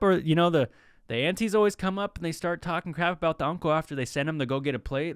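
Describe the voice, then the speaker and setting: A young man tells funny stories in a relaxed solo podcast and slips into quick impressions of other people. His voice sits a little high and comes across smooth and clean. The sound is dry and close, with no room echo. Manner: joking, animated storytelling with mimicked voices. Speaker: podcast host. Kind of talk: casual solo talk.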